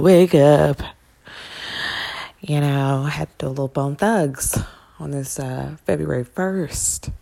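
A woman hosting a spiritual podcast, talking casually with sassy, animated asides. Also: sits low, creaky, husky.

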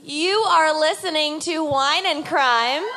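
A woman's voice: sits high, slow pace. A woman co-hosting a podcast live on stage, cheering the crowd and introducing the show with enthusiasm. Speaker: podcast co-host. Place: live show venue with audience. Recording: loud crowd noise from live audience.

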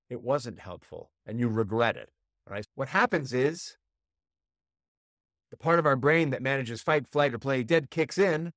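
A man hosting a podcast, telling a personal story and coaching listeners, shifting from low quiet tones to raised, heated voices when acting out emotions. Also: dry recording, clean studio sound. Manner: storytelling, acts out inner voices with rising pitch; drops to a low quiet voice for calm moments. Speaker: podcast host. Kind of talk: coaching monologue.

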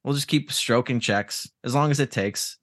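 A man's voice: medium pitch, normal speed, a bit bright, dry recording, studio quality. A man in casual podcast chat, ranting with profanity and sarcasm.

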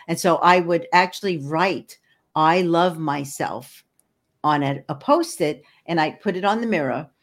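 An older woman, an energy healer, talks earnestly as a guest in a casual interview, often repeating words while searching for them. Her voice is lowish with lively intonation, a moderate pace and few pauses.

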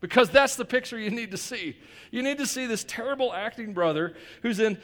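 A man's voice: very high-pitched, fairly quick, fairly bright tone. A male pastor preaching a sermon in a conversational way, with joking asides and emphatic repetition.

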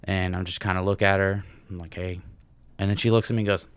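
A low-pitched young man rants and swears through a story on a comedy podcast, breaking into laughs between lines. He talks close to the mic in a dry, dead-sounding room. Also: fairly even intonation, fast talker, smooth, no room sound. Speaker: podcast co-host. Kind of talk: casual comedy podcast chat.

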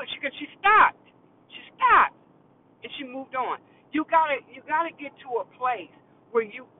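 A man's voice: very high-pitched, slight background noise. A man who works in retail tells a story about a customer in a firm, emphatic way and repeats his key phrases. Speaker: retail worker telling a work story. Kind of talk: casual storytelling rant to camera. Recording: tinny phone-like sound.

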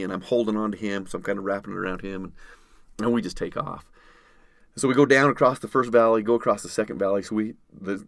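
Male guest storyteller, lower register, dry close mic, animated retelling. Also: gravelly, no room sound. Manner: vivid storyteller, acts out others' shouting. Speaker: podcast guest. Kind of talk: storytelling in conversation.

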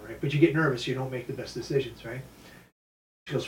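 A man's voice: medium pitch, fast, slight background noise. New guy telling martial arts stories, kinda far from the mic in an echoey room. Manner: animated storyteller acting out quotes. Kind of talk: casual storytelling interview.

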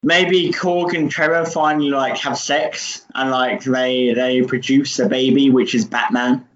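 A man's voice: medium pitch, steady tone, a little slow. Sweary, joking man in an echoey room. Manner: joking, sweary, laughing often. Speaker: podcast co-host. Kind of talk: casual chat. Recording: echoey room, dull lo-fi audio.

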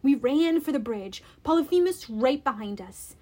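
A woman reading a first-person adventure aloud, expressive and deliberate. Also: sits high. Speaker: audiobook reader. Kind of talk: dramatic first-person storybook narration.

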